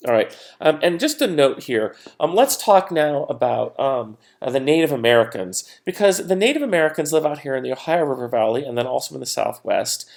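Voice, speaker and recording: A man's voice: mid-range voice, very animated, brisk, vocal fry, hardly any pauses, darkish tone. A man giving a recorded history lecture in a casual, conversational way, with frequent fillers and playful quoted voices. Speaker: history teacher.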